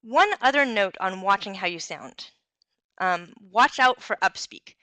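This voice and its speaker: A young woman gives an instructional talk, clear and encouraging, with the occasional "um". Her voice is bright and crisp, recorded dry and close. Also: medium pitch, no room sound. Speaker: presenter giving a talk on communication skills.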